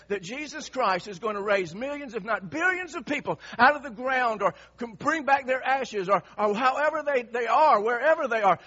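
A male pastor preaches with emphasis and asks his congregation the same question again and again. His voice sits high for a man and sounds sharp and husky. The recording has a slightly dull tone. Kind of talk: sermon.

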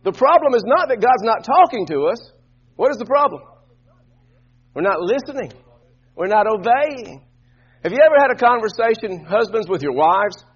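A male preacher with a very high, husky voice, leading his congregation through scripture in call-and-response. He moves between quiet, conversational asides and loud, shouted emphasis. The recording is muffled and dull. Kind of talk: sermon.

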